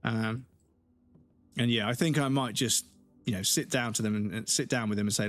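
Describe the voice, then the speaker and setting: A man's voice: mid-range voice, steady tone, moderate pace, pauses often, a bit bright. Congested, sweary British man streaming. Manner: ranting, heavy swearing. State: congested, keeps clearing his throat. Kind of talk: casual live-stream chat.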